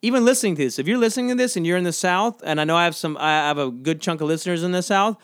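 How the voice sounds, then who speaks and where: A man from the American South hosts a casual solo podcast, thinking out loud in loose, rambling sentences full of fillers and second thoughts. His voice sits fairly high for a man. The sound is dry and close, with no room echo. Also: racing, clean tone. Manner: rambling, self-questioning, lots of fillers. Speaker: podcast host.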